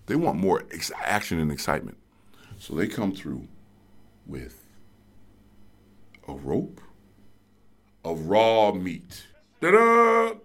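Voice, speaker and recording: A middle-aged man with a deep voice tells a story as a guest in casual chat. He's excitable and halting, acting out voices and sound effects.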